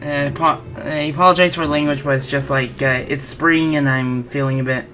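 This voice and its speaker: A woman with a low voice and a bright, forceful edge talks through a game as she plays. She sounds stuffy and a little congested, rambling and correcting herself as she goes. Faint game music runs underneath. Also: fairly even intonation, a little fast. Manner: rambling, often self-correcting. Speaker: gaming channel host. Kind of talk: let's-play game commentary.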